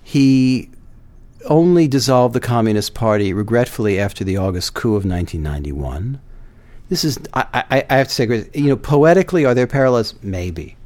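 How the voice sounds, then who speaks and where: A man discussing politics on a panel, measured and hesitant, with many fillers and restarts. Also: medium pitch, animated, darkish tone, dry recording. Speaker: guest commentator.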